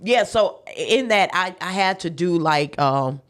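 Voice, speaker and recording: A woman with a slightly low voice tells a personal story in a relaxed interview. She is emphatic and laughs often, and she acts out what everyone said to her. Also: unhurried. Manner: faith-filled, emphatic retelling. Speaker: guest chef.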